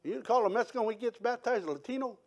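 Man preacher, very high voice, animated sermon storyteller. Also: racing, lo-fi sound. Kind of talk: sermon testimony.

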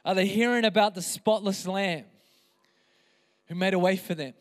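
A man's voice: high-pitched, moderate pace. A man preaching an impassioned sermon as pastor, with emphatic repeated phrases. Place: church hall. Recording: reverberant hall.

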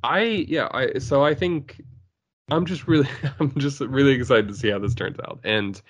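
A man co-hosting a casual podcast chat, excitable and laughing often, breaking into goofy voices. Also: mid-range voice, normal speed, husky. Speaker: podcast co-host.

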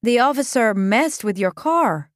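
A woman's voice: on the high side, lively intonation, a little slow, dry recording, studio quality, voice pushed up. A woman voicing a short farm laborer who speaks in a casual, matter-of-fact way. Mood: offhand.

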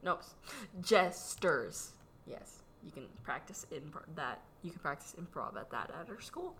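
Bright-voiced woman with a slight Filipino lilt. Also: sits low, very animated, a little hiss or hum. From Philippines. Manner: chatty, playful, quick to laugh. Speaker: podcast co-host. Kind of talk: casual chat.

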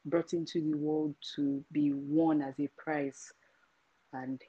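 A woman's voice: low voice, level tone, slow pace, breathy edge, no room sound, lo-fi sound. A young woman guest on a podcast, speaking earnestly and giving her opinions in a casual chat. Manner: shy at first, then earnest and opinionated.

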